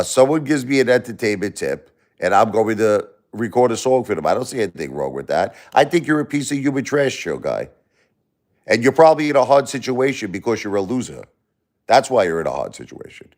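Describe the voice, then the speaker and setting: A man hosting a live stream, angrily lecturing and insulting a chat commenter with lots of profanity, swinging between loud outbursts and low muttering. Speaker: livestream host reading chat. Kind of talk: livestream rant at a chat commenter.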